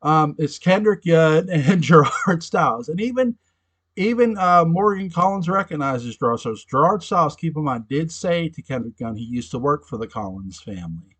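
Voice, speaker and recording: A man's voice: fairly high pitch, lively intonation, normal speed, fairly bright tone, husky. A man giving a casual, chatty episode recap as a fan reviewer, laughing often and restarting his sentences with asides.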